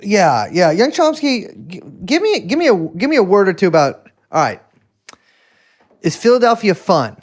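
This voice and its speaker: A man's voice: sits high, big pitch swings, normal speed. A man hosting a podcast, playful and teasing in casual banter. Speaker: podcast host.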